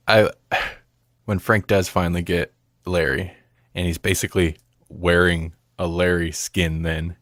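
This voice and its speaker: Casting: male podcast co-host, low voice, rambling and laughing, dry close mic. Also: flat delivery, slow pace, fairly bright tone, dry recording. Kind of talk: casual movie review chat.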